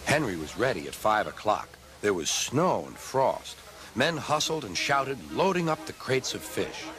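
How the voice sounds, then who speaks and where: A man narrating a children's train story, putting on lively voices for the characters. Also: medium pitch, unhurried. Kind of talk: storybook narration in a remix video.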